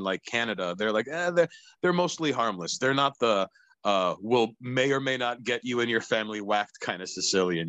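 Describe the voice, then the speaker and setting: Halting low-voiced man, dry sound. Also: a bit bright, no room sound. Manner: halting, repeats words as he searches. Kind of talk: casual chat.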